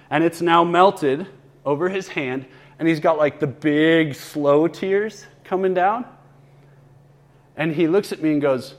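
A man in his thirties telling stories and teaching in a conversational sermon, with asides to the congregation. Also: on the high side. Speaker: preacher.

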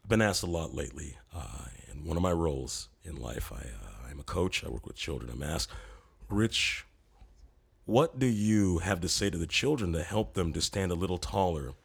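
A man putting on a pompous gravelly philosopher-coach. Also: sits low, animated, normal speed, voice pushed down, full character voice. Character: pompous self-serious male comedy character, coach.

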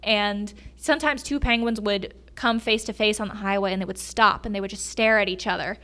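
A woman's voice: mid-range voice, fairly even intonation, fairly quick, fairly bright tone. A woman guesting on a podcast, telling enthusiastic stories about animals and laughing as she goes. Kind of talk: casual storytelling chat.

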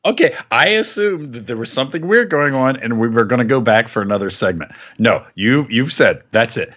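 Male podcast co-host, incredulous and exasperated, animated delivery. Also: medium pitch, fairly quick. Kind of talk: casual podcast chat.

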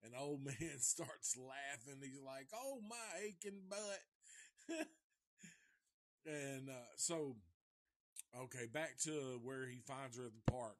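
A man's voice: mid-range voice, fairly even intonation, unhurried. A man casually recapping a movie live, rambling and profane, and chuckling often as he goes. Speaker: movie reviewer.

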